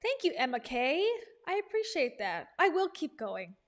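A woman's voice: sits high, very animated, normal speed. A woman hosting a casual reaction commentary, chatty and sarcastic with laughing asides. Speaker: commentary host.

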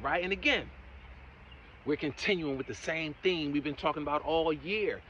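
A man giving a motivational talk in a preachy, encouraging way, often saying "my friend" and "right?", and swinging between loud emphatic bursts and quiet asides. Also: on the high side, highs cut off, slight background noise. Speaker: motivational speaker.

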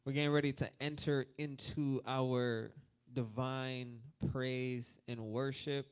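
A man's voice: medium pitch, level tone, takes it slowly, clear, resonant tone. A man leading the testimony time at a church service, sharing his own testimony and rallying the congregation in an upbeat way. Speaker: service emcee. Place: church sanctuary.

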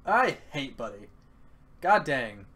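A young man giving casual, excitable commentary over his gameplay. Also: medium pitch, slow pace. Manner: excitable, swears and yelps at the game. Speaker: let's play gamer.

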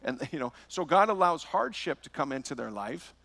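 A man's voice: fairly high pitch, very animated, normal speed, vocal fry, a bit bright, dry recording. A man preaching a verse-by-verse sermon as pastor, telling a personal story with rhetorical questions.

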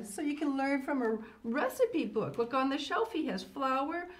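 A woman's voice: high-pitched, expressive, measured pace. An older woman hosting a children's show, reading a picture book aloud in a fussy, grandmotherly way and exclaiming "oh" often.

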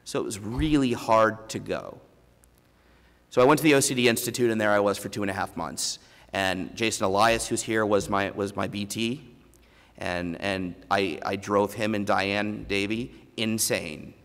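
A man's voice: fairly low pitch, fairly bright tone. Man telling his story in a reverberant hall. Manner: candid, self-deprecating humor, halting restarts. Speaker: keynote speaker. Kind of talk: personal story keynote. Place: large conference hall before an audience. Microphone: lavalier.

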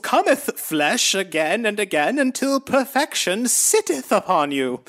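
A man voicing a solemn male prophet who speaks in slow, grandiose, old-fashioned preaching from beyond. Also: high voice, a bit bright, pitched above the performer's own voice, exaggerated voice.

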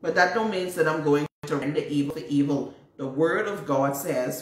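This woman from the Bahamas, a prophetess, preaches with emphasis and fields viewer questions, citing scripture and circling back to the same points. She speaks in a low voice at a normal pace with few pauses, recorded on a far-off mic in a roomy space.

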